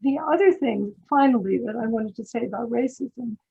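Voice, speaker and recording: A woman's voice: a little high, moderate pace, vocal fry, dark tone, husky, muffled recording. An older American woman speaking as a panel guest in a discussion, thoughtful and emphatic, often restarting her sentences. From United States. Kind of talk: conversational discussion.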